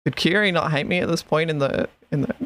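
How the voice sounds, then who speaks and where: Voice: medium pitch, fast, a bit bright, dry recording. A streamer in casual chat, swearing often and laughing between sentences while rewatching an old stream.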